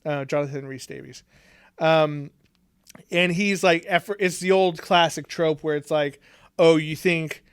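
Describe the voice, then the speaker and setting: Speaking in a smooth, steady voice on the high side, this man co-hosts a podcast in a loose, casual chat. He curses, cracks jokes, and readily performs quotes, all captured in clean studio audio without room sound.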